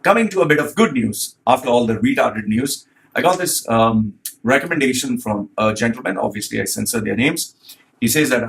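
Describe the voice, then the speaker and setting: A man's voice: mid-range voice, lively intonation, brisk, gravelly, a bit bright. A man hosting a commentary vlog as a resume consultant, blunt and profane as he rants.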